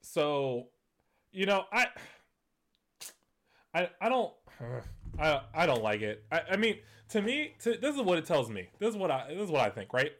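A man's voice: a little high, sing-song, moderate pace, long pauses, fairly bright tone. A man hosting a gaming news show, talking in a loose, conversational way with lots of fillers and restarts. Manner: conversational, many fillers and restarts, laughs at points. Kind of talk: casual commentary.

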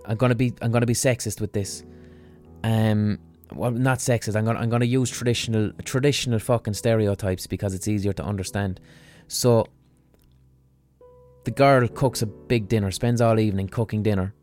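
A man with a lowish voice talks through a casual podcast monologue, blunt and full of swearing. Faint music plays behind him. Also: steady tone, normal speed, darkish tone. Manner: blunt and profane. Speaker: podcast host.

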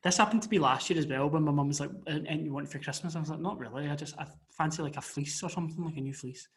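A young man co-hosting a podcast over a video call, telling animated stories with frequent restarts. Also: fairly high pitch, racing. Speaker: podcast co-host. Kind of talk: casual chat.

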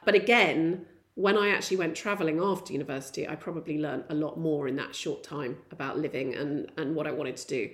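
A woman's voice: low voice, fairly even intonation, a little fast. A middle-aged woman co-hosting a podcast, chatting casually and retelling stories with animation. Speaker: podcast co-host. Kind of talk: casual chat.

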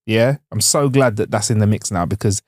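A man's voice: lowish voice, a little fast, no echo, clean studio sound. A young man co-hosting a podcast, upbeat and jokey, full of slang. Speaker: podcast co-host. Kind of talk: casual chat.

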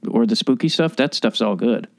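A man's voice: medium pitch, expressive, moderate pace, dry recording. A man interviewing a guest in a casual, wry chat, loose with swearing. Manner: wry, casually profane, laughs while talking. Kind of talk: casual conversation.

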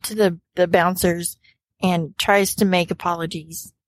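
A woman's voice: on the low side, fairly even intonation, unhurried, no echo. A woman playing a tabletop game, talking casually, often stammering and laughing. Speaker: player.

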